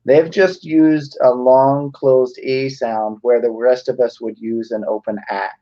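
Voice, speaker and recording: A man's voice: mid-range voice, fairly even intonation, unhurried, mellow. Guy explaining vowels real careful, mid voice, muffled audio. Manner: explaining, precise about words. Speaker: guest speaker. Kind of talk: casual discussion. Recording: dull lo-fi sound.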